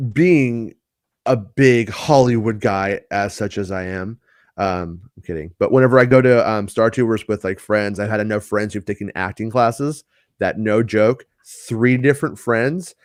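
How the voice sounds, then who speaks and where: In a dry, clean studio recording, a fairly low-pitched man co-hosts a podcast. His casual banter rambles and jokes, and he keeps interrupting himself to restart sentences.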